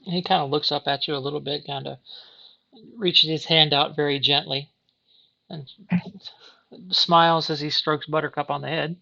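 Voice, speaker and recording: Bright-voiced woman game master. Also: low-pitched, steady tone, normal speed, creaky, long pauses, lo-fi sound. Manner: chatty, with frequent restarts and laughs. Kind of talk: narrating a tabletop game.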